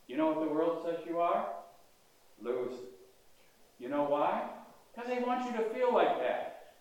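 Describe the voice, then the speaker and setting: An older man, a priest, preaching a sermon in a conversational way and asking his congregation questions. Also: mid-range voice. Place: large church. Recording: echoey church heard from a distance.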